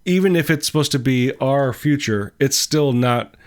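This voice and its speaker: Casting: male co-host, mid-pitched, dry jokester, casual chat. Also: animated, moderate pace. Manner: wry, jokey, many short backchannels. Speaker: podcast co-host.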